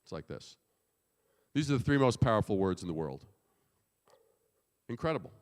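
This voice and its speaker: A man's voice: fairly low pitch, big pitch swings, normal speed, a little mellow. A man giving a conference keynote, punchy and emphatic, with casual swearing. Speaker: keynote speaker. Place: conference hall. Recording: long hall reverb.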